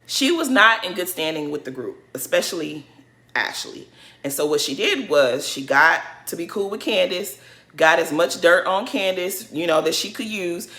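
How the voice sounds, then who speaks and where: A woman's voice: medium pitch, fairly bright tone. A woman giving casual, emphatic commentary in a recap vlog, speaking with a sassy, opinionated manner. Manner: sassy, emphatic, mocks others in put-on voices. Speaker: reality TV recap vlogger.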